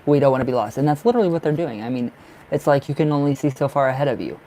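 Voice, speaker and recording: Young male tarot reader, chatty and rambling, warm low tone, light background hum. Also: animated, racing, low-quality recording. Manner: chatty, rambling, laughs often. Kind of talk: live stream reading.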